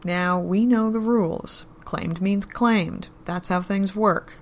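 A woman voicing a calm, measured male gang leader who speaks in an even, slow, reasoning drawl. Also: mid-range voice, vocal fry.

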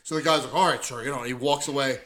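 Pria cerewet yang bercerita dengan emosi. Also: male voice, mid-range voice, fairly even intonation, fast, sharp tone. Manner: heated, profane storyteller acting out quotes. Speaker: podcast co-host. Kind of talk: casual chat, storytelling.

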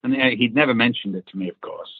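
A husky-voiced man spins a lively, profane showbiz anecdote, acting out the other people's lines as he goes. The sound is thin and phone-like, and the room is dry and close. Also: mid-range voice, quick pace, no room sound. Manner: animated storyteller who acts out quotes and laughs. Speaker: actor recounting a film casting. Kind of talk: casual anecdote, swearing freely. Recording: tinny phone-like line.

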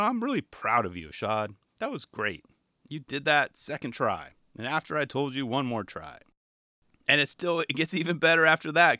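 A man with a medium-pitched, sharp-toned voice hosts a casual podcast from his home garage, rambling easily about a skate video and performing quoted lines. The sound is clean studio quality from a studio microphone, with no echo.

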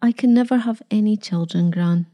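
A woman reading the lines of a quiet young bride who speaks plainly and sounds close to tears. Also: medium pitch, normal speed, dull audio, close to an everyday voice. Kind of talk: storybook reading.

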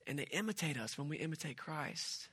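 Bright, lively man preaching a sermon. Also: fairly high pitch, fairly quick, breathy edge. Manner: animated, conversational preaching with asides. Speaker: pastor.

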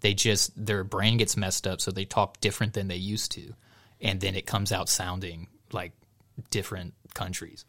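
A man's voice: low-pitched, flat delivery, moderate pace, pushed and bright. A man co-hosting a casual podcast, reading a news article aloud and chatting, laughing often as he goes.

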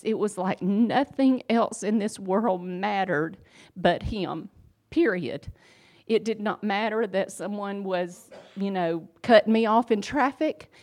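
A woman's voice: medium pitch, a little mellow. A woman in her fifties giving a personal faith testimony, earnest and emphatic, talking conversationally with fillers. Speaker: speaker sharing a faith testimony.

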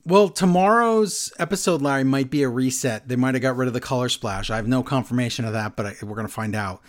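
A medium-pitched man talks quickly while co-hosting a laid-back wrestling podcast, chatting casually and reading listener emails out loud.

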